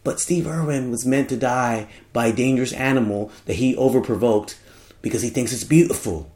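A man's voice: medium pitch, fairly quick, a little mellow. A man hosting a podcast in casual chat, joking and rambling, often trailing off while he hunts for words. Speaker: podcast host.

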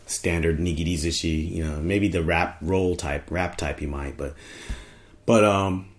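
A man's voice: deep voice, fairly even intonation, a little slow. A man hosting a podcast in casual chat, joking and rambling, often trailing off while he hunts for words. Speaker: podcast host.

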